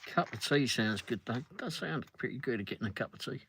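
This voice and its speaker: A man's voice: medium pitch, animated, fast talker, vocal fry, fairly bright tone, a little hiss or hum. An older man hosting a livestream, chatting casually in a rambling way while reading viewer comments, often laughing. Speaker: livestream host.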